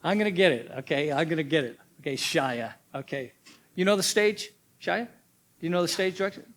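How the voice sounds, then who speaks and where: Man teaching a drama workshop, higher voice. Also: lively intonation, a little fast, fairly bright tone. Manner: instructive, tags points with "okay?"; repeats key points for emphasis. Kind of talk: teaching seminar.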